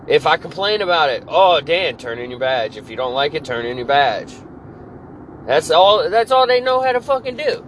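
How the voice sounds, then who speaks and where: Angry man, high-pitched, profane venting monologue, faint street noise underneath. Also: fairly bright tone, poor audio. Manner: profane, furious ranting. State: irritated. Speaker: podcast host. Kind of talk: angry work rant monologue.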